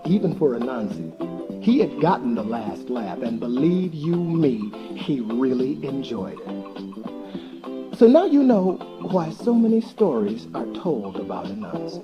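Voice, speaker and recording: A man narrating a folktale for listeners in an animated, expressive storybook manner. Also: mid-range voice, lo-fi sound.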